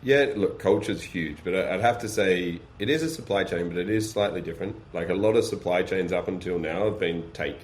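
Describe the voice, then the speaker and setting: A man with a very low voice talks through a casual podcast conversation. He explains energetically, leans on practical examples and throws out rhetorical questions. Faint noise sits under his voice. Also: a little fast, few pauses. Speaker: guest, beef supply chain business.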